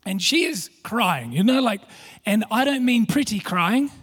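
A man preaching, his voice sitting very high and sounding husky. He tells a story with self-mocking humour, stumbles over his words and restarts often, and the congregation laughs along. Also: animated, measured pace, fairly bright tone. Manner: storytelling with self-deprecating humor, frequent restarts. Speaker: pastor. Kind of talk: sermon.

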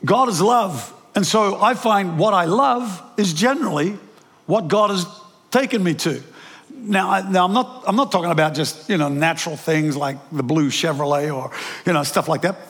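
A man's voice: high voice, moderate pace, a bit bright. An older man with a New Zealand accent preaching a sermon, telling stories with lots of restarts and self-deprecating asides. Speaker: pastor. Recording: preached in a large reverberant hall.

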